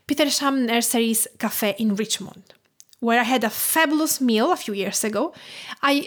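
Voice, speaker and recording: A woman from Tuscany with an Italian accent, hosting a cooking podcast in an enthusiastic, descriptive way. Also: on the high side. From Tuscany, Italy. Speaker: podcast host and home cook. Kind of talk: scripted podcast narration.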